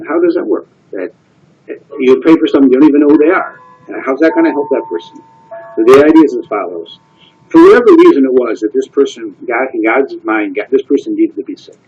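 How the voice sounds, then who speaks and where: Earnest husky rabbi teaching a class. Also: male voice, medium pitch, darkish tone. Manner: earnest, conversational, often asks "right?". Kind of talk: Torah class lecture. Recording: muffled lo-fi lecture recording.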